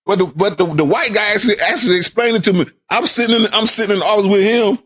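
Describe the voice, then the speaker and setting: A man's voice: sits high, quick pace, slightly rough. Stammering older New man telling stories. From Brooklyn, New York. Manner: stammering repeats, animated voices for quoted people. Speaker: guest, host's father. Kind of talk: storytelling in casual conversation.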